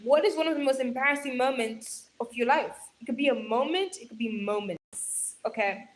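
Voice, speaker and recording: A woman's voice: a little high, moderate pace, slight background noise. A young woman chatting casually on a live stream, reading viewer comments aloud and laughing often.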